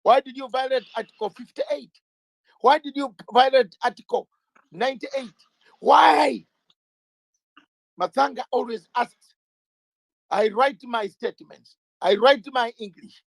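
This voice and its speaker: Fiery high-voiced man arguing. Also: moderate pace, no room sound. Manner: emphatic, rhetorical questions, repeats phrases. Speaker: lawyer interviewee. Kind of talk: impassioned interview talk.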